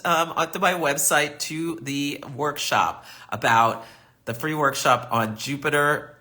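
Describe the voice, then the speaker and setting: Slow, bright-voiced chatty astrologer man. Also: mid-range voice. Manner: chatty and affirming, reads viewer comments aloud. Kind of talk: live-stream reading and chat.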